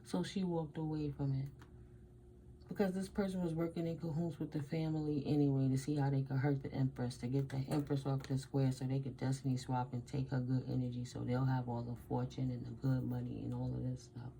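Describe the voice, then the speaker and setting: A woman's voice: a bass voice, flat delivery, brisk, gravelly, dark tone, slight background noise, rough recording. A woman from the United States doing a casual tarot reading and telling stories, blunt and emphatic, with Spanish words mixed in. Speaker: tarot reader.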